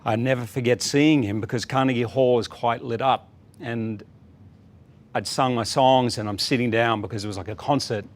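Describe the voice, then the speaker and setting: A middle-aged man from Australia, telling stories as a guest in a casual TV interview. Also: medium pitch. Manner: animated anecdotal storytelling with quick asides.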